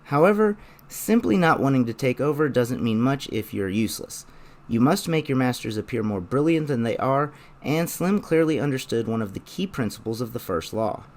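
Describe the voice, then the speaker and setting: A young man narrating a scripted video essay in a measured, explanatory way. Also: mid-range voice, lively intonation.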